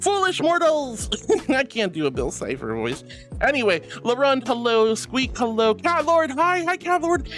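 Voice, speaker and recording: A bubbly woman chats with her stream viewers from home, her voice high and full of swooping melody. She sounds affectionate and giggly, with soft music playing faintly behind. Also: very animated, moderate pace. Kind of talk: casual livestream chat reading comments.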